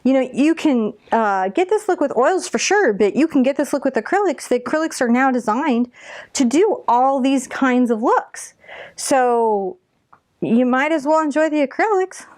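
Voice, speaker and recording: A fairly high-voiced woman in her forties leads a painting lesson, chatty and encouraging, talking through every brush stroke. The sound is dry and close, with no room echo. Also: animated, moderate pace, darkish tone. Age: 40s. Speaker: painting instructor.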